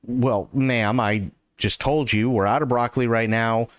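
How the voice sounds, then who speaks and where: Dude doing a polite grocery clerk getting fed up in a joke, mid-pitch, dry sound. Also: male voice, steady tone, a little slow, no room sound, natural voice. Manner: politely exasperated. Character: patient male grocery clerk, adult. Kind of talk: joke telling.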